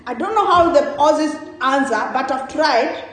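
A woman preaching a sermon in a church, asking rhetorical questions with emphatic rises and soft trailing endings. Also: sits high, animated, moderate pace. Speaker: guest preacher. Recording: very echoey church hall.

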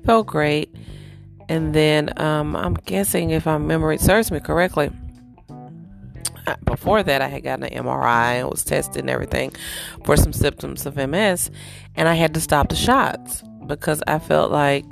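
A woman with a low, gravelly voice hosts a casual podcast monologue at an unhurried pace. Her throat is rough from allergies, and she breaks off to clear it and cough. Soft guitar music plays faintly behind her. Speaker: podcast host.

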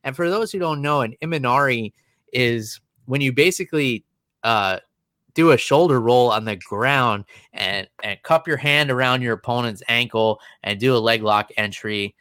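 A man's voice: mid-range voice, a bit bright, no room sound. Rambling man breaking down a fight. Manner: fast, rambling, many restarts and fillers. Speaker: MMA analyst guest. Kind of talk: casual podcast chat.

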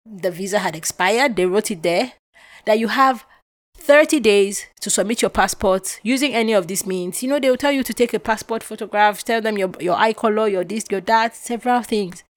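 Animated and emotional, a young woman from Nigeria hosts a podcast and tells a personal story, switching voices to act out each exchange. Her voice sits at a middle pitch and moves from loud bursts to quiet drops. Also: normal speed. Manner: animated, emotional retelling with acted-out quotes. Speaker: podcast host.

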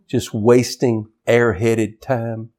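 An older man, a pastor, preaching a sermon in a church, animated and shouting at times for emphasis. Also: medium pitch, takes it slowly.

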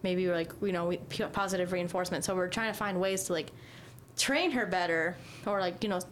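This dog owner talks a little fast in a fairly low-pitched voice, with some faint noise behind her. It's a loose, rambling casual chat full of fillers, constant "like"s and casual cursing.

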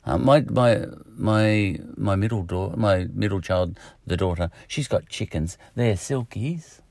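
A man's voice: lowish voice, measured pace, gravelly, darkish tone, dry recording, clean studio sound. A middle-aged Australian man hosting a solo podcast, rambling in a jokey, self-mocking way. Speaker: podcast host.

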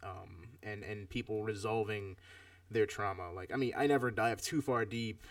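A man's voice: on the low side, normal speed, no echo, recorded from a distance. A man in his thirties chatting casually while reviewing a film, reflective and rambling with many fillers. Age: 30s. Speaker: podcast co-host.

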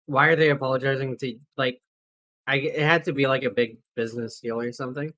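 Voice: mid-range voice, steady tone, brisk, fairly bright tone, no room sound. A podcast co-host chiming in with amused, wry remarks in casual chat.

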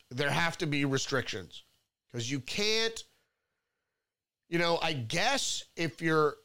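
Male solo commentary host, slightly high pitch, reads headlines and riffs on them in a rambling way with mocking outbursts. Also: bright, forceful tone.

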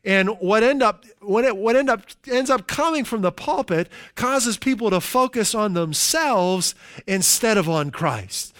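A middle-aged male pastor preaching with a high, smooth and resonant voice. He slows down to stress key phrases, then eases into chatty, everyday asides. The sound is dry and close. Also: expressive, a bit bright, dry recording. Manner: slows down for emphasis, conversational asides. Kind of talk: sermon.

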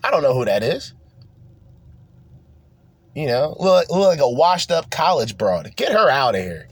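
A man's voice: medium pitch, big pitch swings, normal speed, breathy edge. A young man from New Jersey, hosting a podcast, delivers a rambling, profane and heated political rant in a casual tone. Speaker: podcast host.

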